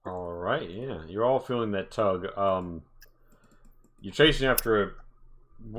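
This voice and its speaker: Low-voiced rambling game master. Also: male voice, a bit bright, slight background noise. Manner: rambling, joking, many fillers. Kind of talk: narrating a tabletop game.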